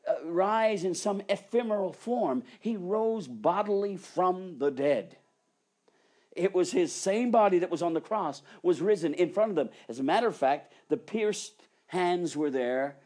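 A preacher in full sermon mode with a mid-range voice. The delivery is highly dramatic, dropping to hushed, almost whispered passages and then rising into fervent, exclaiming peaks.

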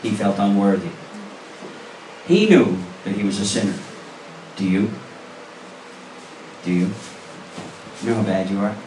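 A man's voice: lowish voice, expressive, unhurried, long pauses, a little mellow, a little hiss or hum. Earnest male pastor preaching in an echoey hall. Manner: earnest preaching with rising emphasis and direct questions to the congregation. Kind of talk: sermon. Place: church sanctuary. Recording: roomy echo, voice from a distance.

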